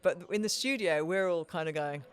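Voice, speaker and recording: A middle-aged woman broadcaster, a guest in a casual podcast interview, telling stories in a lively way with many "you know" fillers. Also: fairly low pitch, fairly quick, clean tone.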